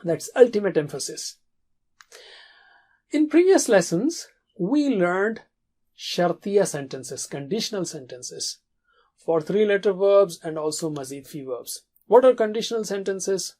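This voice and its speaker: A man teaching an Arabic grammar lesson in English, repeating short drills in a steady rhythm and mixing Arabic terms into his explanations. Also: high-pitched, a little slow. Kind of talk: classroom lesson.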